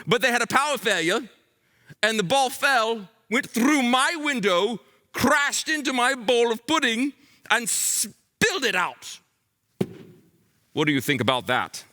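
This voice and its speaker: A man playing a bumbling, excitable detective for a children's Bible school, theatrical and playful, with dramatic exclamations. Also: very high voice, a little slow, full character voice. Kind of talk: comic character acting for children.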